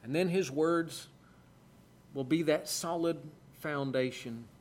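Male preacher, high voice, earnest and emphatic, hammers his points home by repeating them. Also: slow. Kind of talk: sermon.

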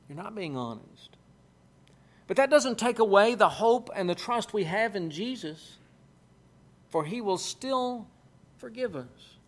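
A man preaching a sermon in an earnest, emphatic way, repeating key phrases for weight. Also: sits high.

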